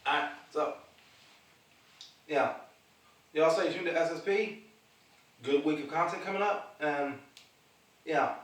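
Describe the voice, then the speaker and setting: A man's voice: a little high, takes it slowly, long pauses, fairly bright tone. A man hosting his own podcast, chatting casually and rambling about wrestling, laughing easily along the way. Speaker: podcast host. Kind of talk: casual solo wrestling chat. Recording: echoey room, distant mic.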